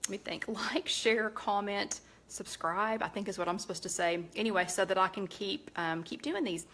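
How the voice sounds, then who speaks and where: A middle-aged woman hosting a casual live-stream chat, rambling warmly with many fillers and self-corrections. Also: mid-range voice, fairly even intonation, moderate pace. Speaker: host of a live cooking chat.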